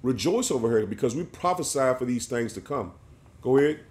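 A man's voice: mid-range voice, animated, fairly quick, darkish tone. A man preaching an emphatic sermon, often ending his phrases with "man". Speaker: street preacher.

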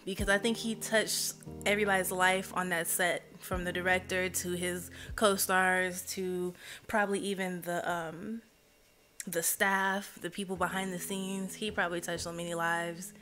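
A woman live streamer chatting casually with her viewers, emotional and expressive. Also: on the low side, measured pace, music in the background.

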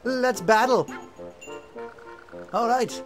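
A man's voice: very high-pitched, very slow, soft background music, pitched above the performer's own voice, heavily acted. A man voicing a small, eager male fire monkey from a game, brash and challenging.

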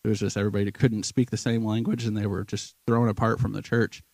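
A man speaks at church in a low, gravelly voice with a flat, even melody. He is earnest and conversational, full of pauses and restarts, and the sound is dry and close. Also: dry recording. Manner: halting and conversational, many ums and restarts. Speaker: church member sharing a vision. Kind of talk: informal sermon testimony.

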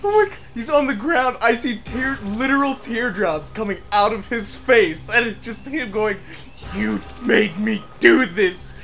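A man's voice: very high voice, normal speed, hardly any pauses, sharp tone. A young man telling a funny story in casual chat over gameplay, laughing through his words. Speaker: let's play co-host.

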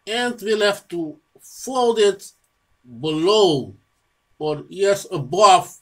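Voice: medium pitch, animated, extremely slow. A person giving a rambling unscripted monologue about their own research, often repeating words and restarting phrases, and scolding an imagined listener. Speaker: home video presenter showing own research.

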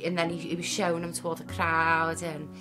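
A woman interviewed in a news report, talking haltingly about her son. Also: fairly low pitch, flat delivery. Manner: halting, with restarts. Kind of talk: emotional interview. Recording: news clip with music underneath. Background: soft music.

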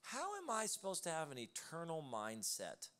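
A man's voice: a little high, huge pitch swings, moderate pace, a bit bright. A male pastor preaching a live sermon in a church, telling stories in a loose conversational way with laughing asides. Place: church auditorium, live service.

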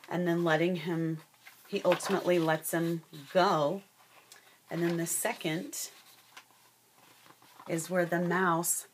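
A woman giving a class presentation and reading a fable aloud, unhurried with many fillers. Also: fairly low pitch, a little hiss or hum.

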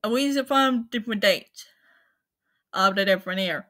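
A woman hosting her own channel, talking casually to viewers in a halting, apologetic way, with many fillers and restarts. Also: medium pitch, pushed and bright. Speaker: anime channel host. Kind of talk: casual spoken rundown to viewers.

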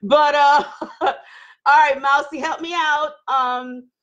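A woman's voice: high-pitched, slow, dull audio. Bubbly woman hosting a live chat. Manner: animated, laughing, greeting viewers by name. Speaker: livestream host. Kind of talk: casual live-stream chat.

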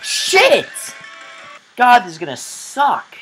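Young male let's player who rages and screams, high-voiced and very animated. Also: unhurried, soft background music. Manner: screams and swears in frustration; cries out in sudden loud outbursts. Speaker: gamer. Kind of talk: let's play gameplay commentary.

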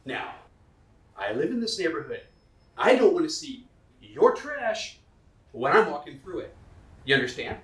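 A crude, bullying hothead. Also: male voice, fairly high pitch, very animated, a little slow, long pauses, a bit bright. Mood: menacing. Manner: confrontational, profane, taunting. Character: hot-headed middle-aged man, bullying and crude. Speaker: actor in a short comedy film. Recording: roomy, distant, music behind.

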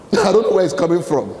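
A man's voice: high-pitched, very animated, normal speed, a little mellow, slight background noise. A Nigerian man giving a live leadership talk to an audience, quizzing them with fill-in-the-blank questions. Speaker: motivational speaker. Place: large hall with a live audience. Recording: echoey hall with long reverb.

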